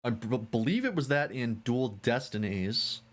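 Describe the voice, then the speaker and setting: A man's voice: medium pitch, expressive, moderate pace. A man streaming a game, chatting casually in musing asides. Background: game music.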